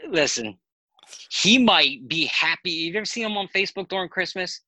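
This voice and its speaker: A man guest on a podcast, telling animated, rambling anecdotes in casual chat and swearing freely. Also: sits high, moderate pace, no room sound, low-quality recording.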